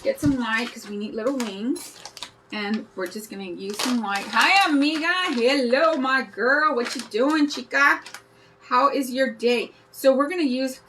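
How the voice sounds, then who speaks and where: A bubbly woman in her fifties runs a live craft tutorial, rambling cheerfully and greeting her viewers by name as she works. Her voice sits a touch high, with faint noise under the recording. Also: measured pace. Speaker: craft livestream host.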